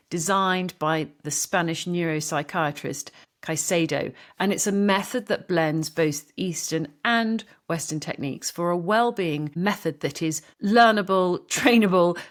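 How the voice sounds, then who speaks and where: A woman hosts a podcast interview in a conversational way. Her voice sits a little low. She tells stories with animated enthusiasm. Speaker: podcast host.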